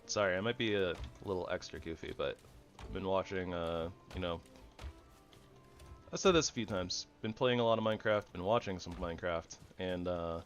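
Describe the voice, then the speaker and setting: A man with a fairly low voice gives casual commentary while he plays, goofy and rambling. He swings from loud excited bursts to soft mumbling asides, with faint music playing behind him. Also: moderate pace, highs cut off. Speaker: gaming channel host.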